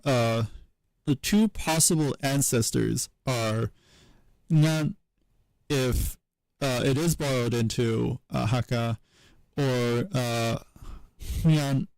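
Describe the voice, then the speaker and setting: A man on a live stream explaining historical sound changes off the cuff, halting often and correcting himself as he thinks aloud. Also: mid-range voice, gravelly, darkish tone, dry recording, poor audio. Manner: halting and hesitant, many fillers and self-corrections.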